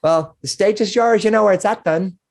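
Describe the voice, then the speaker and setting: A woman's voice: medium pitch, a little fast, gravelly, a little mellow, voice pushed up. A man putting on a bubbly tavern woman. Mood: welcoming. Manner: cheerful, welcoming. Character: bubbly tavern keeper's wife.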